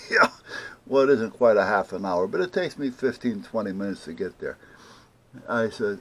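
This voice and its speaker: A man's voice: lowish voice, animated, moderate pace, a bit bright. An older man telling an annoyed story to camera, indignantly acting out both sides of a phone call. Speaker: vlogger. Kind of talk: casual ranting story to camera.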